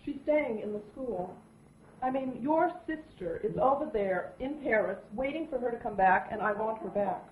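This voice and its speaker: An actress playing a defiant, sharp-tongued wife and mother in a 1970s film. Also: on the high side, animated, moderate pace, lightly acted. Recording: echoey lo-fi film audio with faint hiss.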